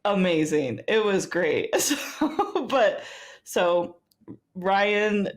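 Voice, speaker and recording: A woman's voice: mid-range voice, sing-song, extremely slow. A woman co-hosting a podcast in casual chat, laughing often between her phrases. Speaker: podcast co-host.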